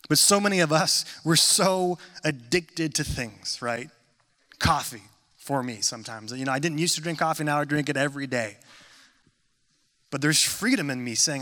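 A man in his thirties preaching a sermon in a conversational, animated storytelling manner. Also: on the high side. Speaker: pastor.

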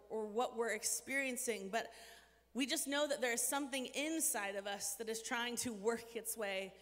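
In an echoey hall, a woman in her 30s gives an earnest inspirational talk to a live audience. Her voice is high and bright, and her chatty manner is full of "like" and self-deprecating asides.

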